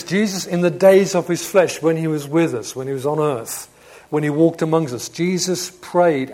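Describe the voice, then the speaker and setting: A man preaching a sermon, swinging between emphatic proclamation and hushed reflection, often asking his listeners rhetorical questions. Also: a little high. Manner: asks rhetorical questions of the congregation.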